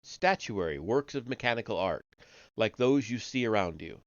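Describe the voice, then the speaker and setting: Guy doing a snooty alien art snob, low voice, clipped and sniffy, dry muffled audio. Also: lively intonation, moderate pace, dry recording, close to an everyday voice. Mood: haughty. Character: haughty, aloof male alien art collector.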